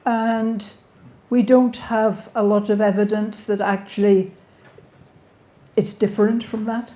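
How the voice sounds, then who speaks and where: Slow older woman with a slight Scottish accent. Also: medium pitch, flat delivery, dark tone. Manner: measured, plain-spoken, dry humour. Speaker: astrophysicist giving a public lecture. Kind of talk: lecture Q&A answers. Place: lecture hall. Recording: echoey lecture hall.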